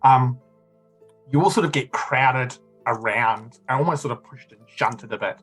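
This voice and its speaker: A man narrating as game master, rambling and loose, with a lot of fillers. His voice sits at a middle pitch, with faint music underneath. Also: a little slow, fairly bright tone, husky, rough recording.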